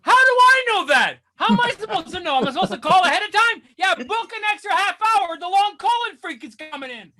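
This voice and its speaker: A man doing a stand-up comedy set, ranting in exasperation and bursting into shouts. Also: very high-pitched, sing-song, a little fast, few pauses, crowd noise.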